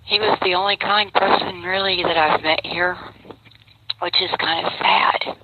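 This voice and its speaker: A woman speaking slowly and wearily, close to tears, her mouth sore from missing teeth, talking in a live video from prison. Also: on the low side, fairly even intonation. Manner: slow, weary, close to tears. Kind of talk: emotional live video testimony. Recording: dull lo-fi phone video with faint noise.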